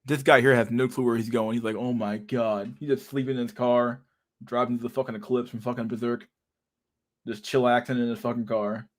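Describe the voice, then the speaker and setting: A man talking casually on a livestream as he reacts to memes. His speech is loose and meandering, full of swearing. He laughs often and his voice sits at an ordinary pitch. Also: level tone, a little fast.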